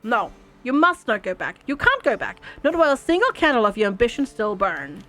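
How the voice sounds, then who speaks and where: A woman hosting a game playthrough, reading the story text aloud and joking between passages. Her voice is high and very animated. Soft game music sits faintly underneath. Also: a little fast. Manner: playful, laughs often. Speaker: gaming channel host.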